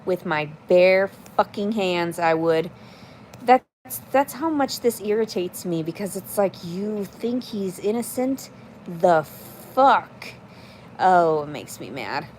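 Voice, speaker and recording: A woman's voice: fairly low pitch, animated, slow pace, a little mellow, a little hiss or hum. Blunt, swearing woman chatting on stream. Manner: blunt, profane, rambling, answers chat aloud. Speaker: livestreamer reading chat. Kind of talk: casual livestream chat.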